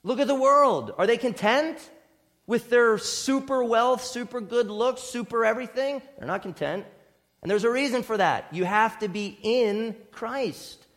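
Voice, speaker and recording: A male pastor preaching a sermon, swinging between loud emphatic repetition and hushed, quieter asides. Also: a little high.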